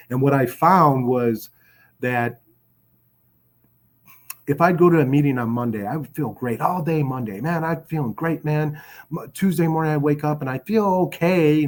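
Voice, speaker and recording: A man from Chicago telling his recovery story in a casual, rambling way, with many restarts and fillers. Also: mid-range voice.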